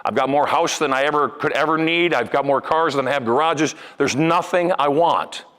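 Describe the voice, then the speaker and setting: At normal speed, an older man gives a live seminar talk as a hypnotist and motivational speaker. His animated, punchy delivery moves between loud emphasis and low asides, with an audience filling a large event room.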